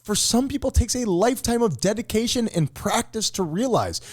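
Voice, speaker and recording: A man co-hosting a comedy podcast in casual banter, his voice sitting a little high and swinging widely in pitch. He is playful and now and then breaks into loud mock shouting. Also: lively intonation, moderate pace, breathy edge. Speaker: podcast co-host.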